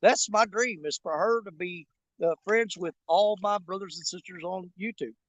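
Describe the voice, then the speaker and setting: High-voiced folksy man. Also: moderate pace, no room sound. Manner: rambling, folksy, jokey, with frequent fillers. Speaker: fishing channel host. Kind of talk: casual live-stream chat to viewers. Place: outdoors by a river.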